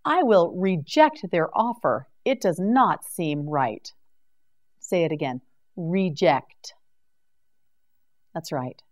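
A woman leads a vocabulary drill at an extremely unhurried pace, pronouncing each word with deliberate care. Her voice sits slightly low, and she repeats every word patiently for the listener to copy. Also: lively intonation, a little mellow. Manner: slow, carefully articulated, repeats words for practice. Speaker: English vocabulary teacher. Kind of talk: slow scripted vocabulary drill.

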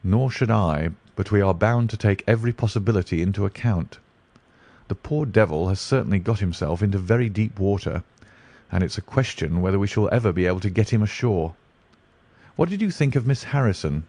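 Aloof genius detective in a storybook, low and deliberate, read by a man. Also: lively intonation, darkish tone, no echo. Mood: musing. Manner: deliberate, musing. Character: brilliant, dreamy male detective, aloof.

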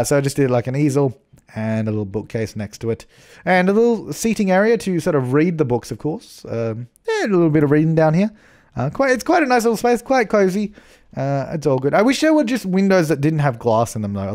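A man's voice: medium pitch, a little mellow. A man casually narrating a home-building game video, rambling and correcting himself with jokey asides. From Australia. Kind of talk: casual gameplay commentary.

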